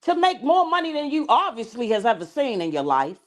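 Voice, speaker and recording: Blunt woman host, lively swooping voice, a bit high, chatting with food in her mouth. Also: brisk. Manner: blunt, animated, slangy and emphatic. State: eating while talking. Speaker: show host. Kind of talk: casual gossip commentary chat.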